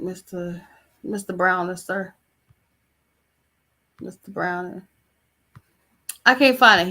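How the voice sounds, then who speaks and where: A woman with a bright, sharp voice hosts a podcast in casual commentary. She talks bluntly and chattily, often sounding exasperated. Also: fairly low pitch. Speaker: podcast host.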